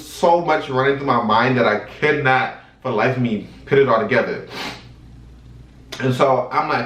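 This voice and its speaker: A young man in his twenties spins a casual storytime for his viewers, chatty and animated, talking right at them. His voice sits in a middling register. It comes from a mic set well back in a roomy indoor space. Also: mid-range voice, normal speed. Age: 20s. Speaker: vlog host. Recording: roomy sound from a distant mic.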